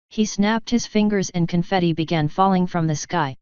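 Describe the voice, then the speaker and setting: Clear-voiced woman reading fanfiction. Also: fairly low pitch, moderate pace, darkish tone, dry recording. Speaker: audiobook reader. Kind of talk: fanfiction audiobook narration. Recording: dry, dull lo-fi recording.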